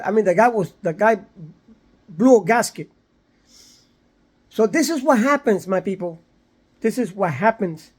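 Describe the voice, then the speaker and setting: A man's voice: high voice, a little mellow. A man talking in a casual vlog monologue, rambling and repetitive, lecturing his viewers with many fillers and restarts. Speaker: vlogger. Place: somewhere in San Antonio, Texas.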